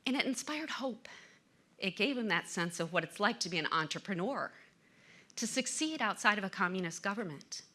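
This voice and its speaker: Middle-aged woman speaker on stage, bright voice, dramatic storytelling, big emphatic swells. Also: medium pitch, animated, moderate pace. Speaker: motivational speaker. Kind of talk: inspirational stage talk.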